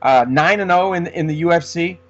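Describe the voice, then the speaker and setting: Male co-host, rambling casual sports talk, higher voice, dull lo-fi recording. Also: a little fast, fairly bright tone. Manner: rambling, many restarts. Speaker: podcast co-host. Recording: dull lo-fi sound.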